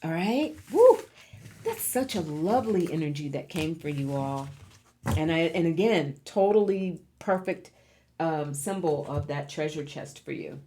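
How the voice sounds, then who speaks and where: A woman's voice: low voice, animated, measured pace, mellow, a little hiss or hum. A woman giving a pick-a-card tarot reading to viewers, encouraging and emphatic, repeating key words for effect. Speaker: tarot reader.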